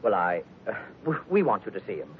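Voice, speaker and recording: A pompous, fussy doctor who lectures in a lively, swooping voice full of hems and haws. Vintage radio drama acting through a tinny old broadcast, a faint rumble underneath. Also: male voice, fairly quick. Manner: pompous, hesitant with uh's. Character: fussy, smooth-talking male doctor, pompous.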